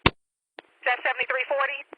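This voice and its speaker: A woman's voice: high voice, flat delivery, normal speed. A woman police dispatcher relaying reports over the radio, repeating warnings urgently. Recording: muffled scanner radio with loud static.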